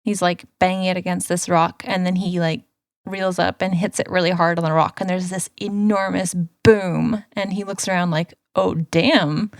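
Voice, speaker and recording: A woman co-hosting a podcast recaps a cartoon episode in easy conversation, acting out the characters' lines like an animated storyteller. Her voice is lowish at a normal speed, captured in clean studio sound with no echo.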